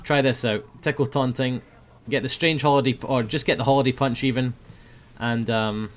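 A young man giving playful commentary over a video game, breaking into loud high yells when the action heats up. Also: steady tone, moderate pace. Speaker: gaming video host. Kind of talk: casual gameplay commentary.

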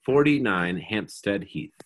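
A reader calmly reading stage directions aloud in a live script reading. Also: low voice, unhurried.

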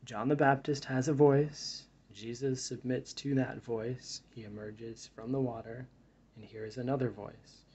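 A man's voice: mid-range voice, steady tone, unhurried, darkish tone, breathy edge, dull audio. A man giving a reflective Bible study talk, reading verses aloud and then musing on them in a thoughtful way. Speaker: Bible teacher.

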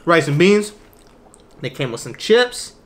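A man's voice: fairly high pitch, sing-song, measured pace, a little hiss or hum. A man co-hosting an eating show, chatting casually and teasing as he eats. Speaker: mukbang co-host. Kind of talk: casual chat while eating.

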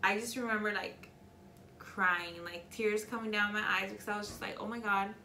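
A young woman talks openly and emotionally in a casual vlog, her voice bright and forward. She rambles with plenty of fillers. The room around her sounds echoey. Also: mid-range voice, steady tone, normal speed, vocal fry, a little hiss or hum. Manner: candid, emotional, chatty with many fillers. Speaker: beauty vlogger.

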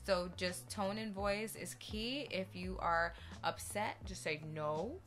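Woman chatting about dog training, super animated, bright voice. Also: medium pitch, slow, faint music behind. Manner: animated, expressive talker. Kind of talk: casual advice vlog.

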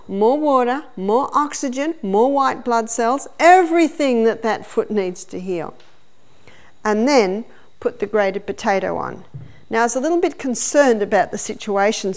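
A middle-aged woman, a health educator, giving a teaching seminar with a demonstration. She tells stories and explains each step. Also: medium pitch. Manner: story-telling, explaining step by step.

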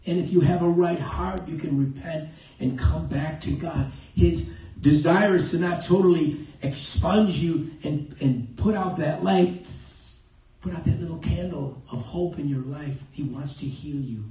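A man's voice: a little high, warm tone. A man preaching an evening church sermon, breaking in with "amen" and often stopping to correct himself. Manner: punctuates with amen, halting with self-corrections. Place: church sanctuary. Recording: very echoey church, mic far off.

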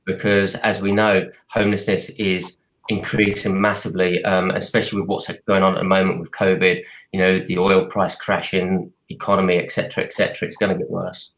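A man with a Cockney accent, speaking earnestly in a halting way over a video call from his home computer, with many restarts and fillers. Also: deep voice, little pitch movement, fairly bright tone. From United Kingdom. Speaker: artist and advocate. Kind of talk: live video call interview. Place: apartment at home.

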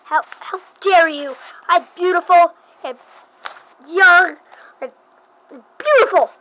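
A woman's voice: high voice, lively intonation, moderate pace, low-quality recording. Woman doing a vain masked teen idol girl. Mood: offended. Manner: indignant, loud and vain.

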